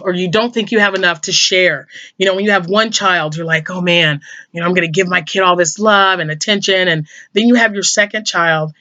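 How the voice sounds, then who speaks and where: A woman's voice: on the low side, pushed and bright, no echo, dull audio. An older woman, a grandmother, chatting emotionally to camera as a crochet vlogger and sometimes dropping to a whisper. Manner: emotional, chatty, drops to a whisper when moved. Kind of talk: casual chat to camera.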